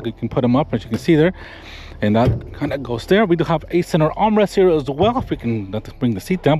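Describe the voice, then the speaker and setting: Fast-talking man giving an enthusiastic car walkaround. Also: a little high, dark tone. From Florida. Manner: enthusiastic, rambling show-and-tell with frequent restarts. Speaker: car reviewer. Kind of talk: walkaround car review vlog. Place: in and around a parked pickup truck.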